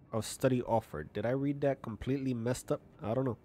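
A man's voice: medium pitch, fairly quick, few pauses, mellow. A man casually commenting while playing a game in a small apartment at night, chatty and often stumbling as he reads text aloud. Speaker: gaming YouTuber. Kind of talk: casual let's-play commentary.

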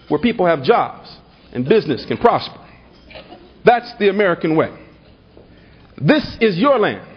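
A man's voice: very high-pitched, muffled recording. A man giving a rousing political dinner speech at a banquet, building to repeated rhetorical refrains with a humorous anecdote mixed in. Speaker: political speaker. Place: banquet hall at a party dinner.

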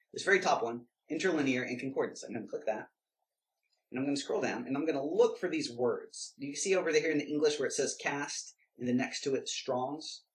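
A man giving informal Bible teaching in an emphatic, direct way that turns into preaching. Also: medium pitch. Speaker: Christian video teacher.

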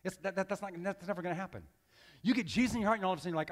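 A man giving a sermon as guest pastor, impassioned and animated, acting out the voices he quotes. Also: high-pitched, very fast. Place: church sanctuary. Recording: long hall reverb.

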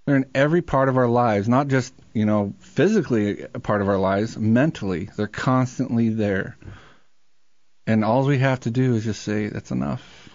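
Male radio co-host, mid-pitched, opinionated, dry slightly muffled studio sound. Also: normal speed, a little mellow, no room sound. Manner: frustrated, opinionated. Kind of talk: casual radio talk.

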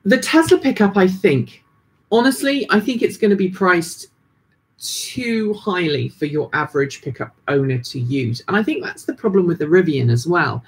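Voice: medium pitch, slightly rough. A person in their thirties with a British accent that drifts toward American, hosting a casual livestream chat with lots of ums and restarts. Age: 30s. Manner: rambling, many ums and restarts. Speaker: livestream host.

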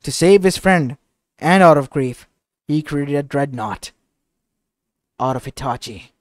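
A man's voice: on the high side, a little slow, dry recording. A man narrating a fan-fiction story in a casual, rambling way, often restarting his sentences.

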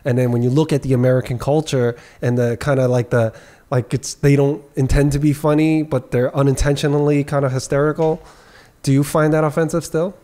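Halting, questioning man hosting a podcast. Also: medium pitch, flat delivery, warm tone. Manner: halting, many restarts, probing questions. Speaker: podcast host. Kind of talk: casual podcast chat.

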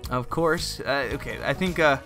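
A young man giving excitable, exclaiming, self-mocking commentary while he plays a shooter game. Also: mid-range voice, normal speed, faint music behind. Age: young adult. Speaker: gaming video host. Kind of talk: live gameplay commentary.

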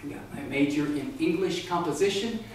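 A man's voice: fairly high pitch, animated, normal speed, darkish tone. A man from Texas giving a humorous contest speech at a speaking workshop, with a theatrical, punchy alliterative delivery. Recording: echoey room from far off, faint noise.

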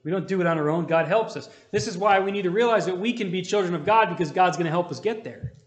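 A man with a notably high voice teaches a church Bible study, conversational and loose. He keeps asking his listeners for an amen. The room rings around him with plenty of echo. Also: quick pace. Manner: conversational, asks the room for amens. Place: church hall.

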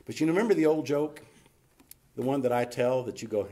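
A man's voice: medium pitch, a little fast, creaky, warm tone. A man preaching a sermon in a church as pastor, folksy and emphatic, often closing a thought with "you see". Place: church sanctuary.

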